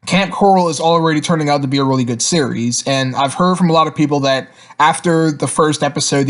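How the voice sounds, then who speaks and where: Rambling man reviewing cartoons. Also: on the high side. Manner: rambling, filler-heavy, repeats words. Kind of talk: casual review monologue.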